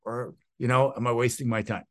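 Middle-aged man, medium pitch, conversational interview, animated storyteller. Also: a little fast. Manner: animated storyteller, acts out quoted voices. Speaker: real estate guest expert.

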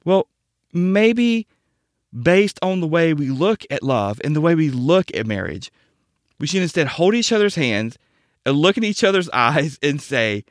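Man, slightly high voice, Bible-based marriage teaching, measured and emphatic, dry close sound. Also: very animated, no echo. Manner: measured, emphatic, slows down to stress key words.

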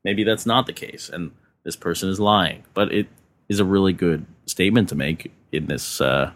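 A man's voice: deep voice, moderate pace, a bit bright. A man, an entertainment editor on a podcast panel, chatting playfully. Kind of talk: casual panel chat.

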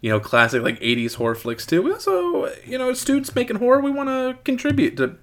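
A man hosting a casual podcast, talking in a rambling, excitable way and often correcting himself mid-sentence. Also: very high voice, quick pace. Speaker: podcast host.

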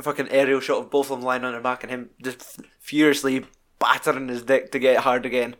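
A young man chats casually about a film, retelling scenes with animated energy and constant swearing. His voice sits at an ordinary middle pitch, and he keeps the tone of an easygoing podcast co-host. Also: a little fast.

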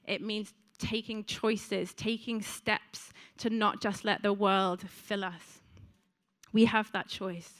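A woman's voice: medium pitch, a bit bright, clear, resonant tone. A woman preaching a sermon to a congregation in a church, chatty, with frequent ums and asides to the listeners.

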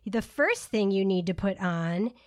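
A woman's voice: mid-range voice, expressive, measured pace. A woman co-hosting a podcast in casual chat, laughing often and gushing over what her friend says. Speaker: podcast co-host.

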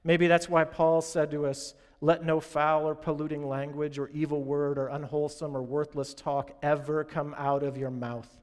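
A man's voice: on the high side, flat delivery, normal speed, few pauses, a little mellow. Earnest man preaching in a hall. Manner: earnest, direct, addresses congregation as "you guys". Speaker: pastor. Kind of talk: sermon.

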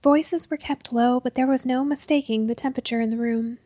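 A woman narrating a story in the first person, measured and dropping to a hush at tense moments. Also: sits high, steady tone, no echo.

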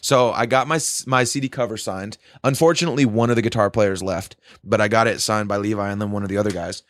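A young man telling a concert story in casual chat, excitable and swearing, with loud quoted outbursts. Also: lowish voice, fast, no room sound.

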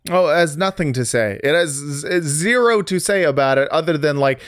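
A man co-hosting a casual podcast chat, animated and opinionated, with halting restarts. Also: fairly high pitch, no echo, clean studio sound. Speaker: podcast co-host.

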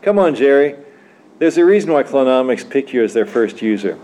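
A man's voice: mid-range voice, big pitch swings, brisk, warm tone, lightly acted. A man reading aloud and voicing a smug, glib male AI clone avatar with a slick, self-assured manner, at a church literary evening.

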